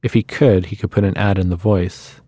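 A man reading the lines of a wry, restless adult woman in a short story, in a quiet, musing manner. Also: low-pitched, fairly even intonation, fairly quick, no echo.

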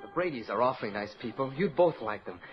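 A man's voice: mid-range voice, expressive, quick pace, soft background music, close to an everyday voice. An actor playing a polite, earnest teenage boy in a 1940s radio drama. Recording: dull old radio broadcast.

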